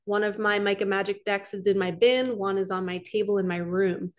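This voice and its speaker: A woman's voice: medium pitch, fairly even intonation, brisk. A woman giving a casual oracle card reading, talking earnestly and rambling a little as she speaks straight to her viewers. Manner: earnest, chatty and rambling, addressing viewers directly. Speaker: spiritual coach doing card readings.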